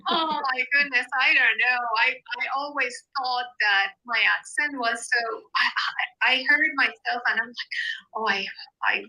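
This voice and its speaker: Woman, accented, high bright voice, animated chatty guest on a video call. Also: normal speed, rough recording. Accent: foreign accent. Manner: animated, enthusiastic, repeats herself. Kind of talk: casual chat.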